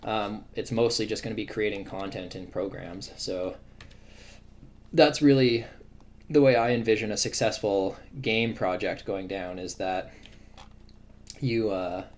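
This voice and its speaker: Low-voiced man thinking aloud. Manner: thinks aloud, with many fillers and restarts. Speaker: game developer streaming live. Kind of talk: casual livestream commentary while working. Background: faint drum and bass music.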